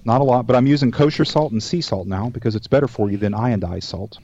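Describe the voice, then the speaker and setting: A man's voice: mid-range voice, fast, mellow, slight background noise. A man hosting a cooking show, chatting casually in a folksy, rambling way and telling jokes along the way. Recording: dull dry lo-fi recording.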